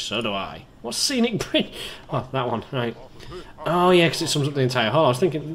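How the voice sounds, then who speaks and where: A man casually commentating on his own gameplay, excitable and rambling, chatting to his viewers as a let's play host. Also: fairly high pitch, fairly quick, a little hiss or hum. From Britain.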